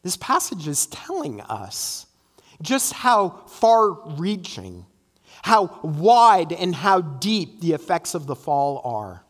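High-voiced preacher in an echoing hall. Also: male voice, big pitch swings, slow pace. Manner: earnest, emphatic preaching with repeated "right?" asides. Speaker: pastor. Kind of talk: sermon. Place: church sanctuary.

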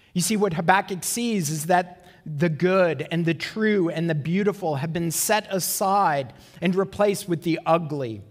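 Man, pastor, sermon, earnest, rhetorical questions, high voice, echoing hall.

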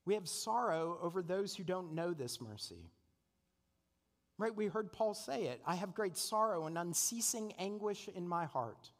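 Earnest pastor in a reverberant sanctuary. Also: male voice, high voice. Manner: earnest, conversational preaching with rhetorical questions. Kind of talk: sermon.

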